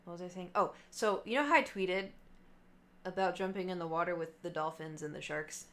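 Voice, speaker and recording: A woman's voice: lowish voice, brisk, fairly bright tone. A young adult woman livestreamer in casual chat with her viewers, telling a rambling story full of fillers and asides.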